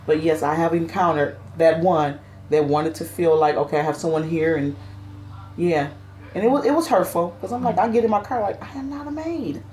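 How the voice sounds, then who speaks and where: A woman's voice: sits low, fairly quick, a little mellow, slight background noise. A woman home care worker, telling her story with passion in an oral history interview.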